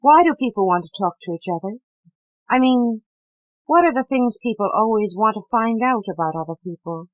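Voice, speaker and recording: A woman's voice: on the high side, animated, moderate pace, no echo, lo-fi sound, lightly acted. Anxious sensitive young woman read by a woman narrator, earnest, intense, audiobook character, dry sound. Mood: hesitant. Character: nervous, sensitive young woman, easily shaken.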